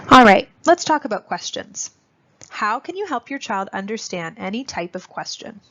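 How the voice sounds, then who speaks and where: A woman with a gravelly, creaky voice presents a parenting webinar in clear, instructive narration. She speaks directly to parents in an even, scripted manner. The audio is dull and lo-fi. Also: fairly high pitch. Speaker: speech-language presenter.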